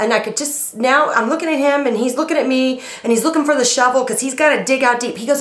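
A woman vlogger telling a story in a casual, animated, playfully teasing way. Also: sits high, fast, hardly any pauses. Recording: roomy echo.

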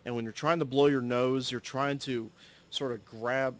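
Man, average pitch, offhand personal storytelling, rambling, self-correcting, occasional swearing. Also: steady tone, moderate pace. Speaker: solo podcaster. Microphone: audio-only recording, no camera.

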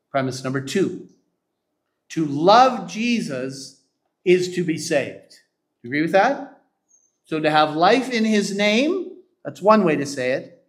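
A man preaching a sermon, often checking that the congregation agrees and slowing down to read scripture aloud. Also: fairly high pitch. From Canada. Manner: emphatic, asks the congregation to agree; slows down to quote scripture. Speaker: pastor.

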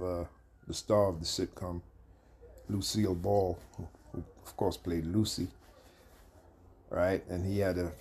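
A man with a fairly low voice preaches in a relaxed, conversational way. He rambles through asides and fillers as he comments for his ministry's video. A light hiss sits behind him.

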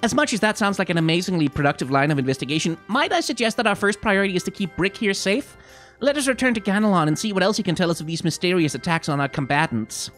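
A man voicing a calm, practical young woman companion. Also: high-pitched, quick pace, faint music behind, voice pushed up.

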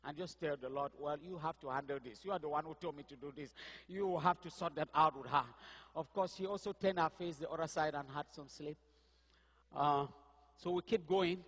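A man from Cameroon preaching a sermon, telling his own story, with quiet asides and sudden loud outbursts. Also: sits high, a little fast, big-room sound. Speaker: pastor. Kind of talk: sermon testimony.

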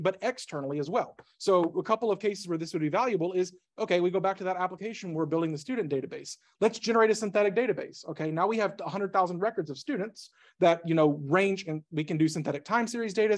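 Male presenter, brisk and slightly high, casual and jokey, keeps restarting sentences. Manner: rapid, self-interrupting, jokey asides. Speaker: conference speaker. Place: meetup presentation room.

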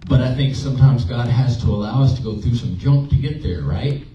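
A man's voice: mid-range voice, fairly quick, mellow. A man, a pastor, preaching a conversational sermon, telling personal stories and asking his congregation questions. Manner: conversational, emotional storytelling with audience questions. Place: church sanctuary. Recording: roomy, distant, dull church recording.

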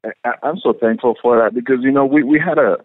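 A man telling stories as an actor guest in a casual interview, animated and profane, laughing often. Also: mid-range voice, fast, no room sound, narrow, tinny audio.

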